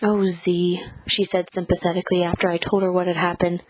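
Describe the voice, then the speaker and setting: A woman narrating a first-person audiobook in a measured, reflective reading style. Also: lowish voice, completely flat delivery, no room sound, rough recording.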